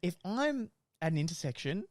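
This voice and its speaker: Young man, podcast co-host, lively sweary storyteller, close dry mic. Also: sits high, normal speed, no room sound. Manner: animated storytelling, swearing, laughing. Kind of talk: casual chat.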